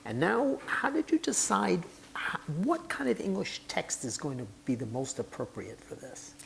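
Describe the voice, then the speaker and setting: Gravelly guy interviewing, pitch moves around a lot, asks carefully. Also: wildly swooping pitch, moderate pace, slight background noise, rough recording. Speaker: interviewer, conductor. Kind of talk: interview questions.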